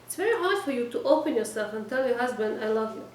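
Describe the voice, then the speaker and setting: A woman with a slightly high voice teaches a small class, direct and exhorting, often pausing to check in with her listeners and trade quick replies. She is recorded from a distance in an echoey room with a faint hum of background noise. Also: sing-song. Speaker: religious teacher giving a weekly class. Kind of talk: informal lecture to a small group.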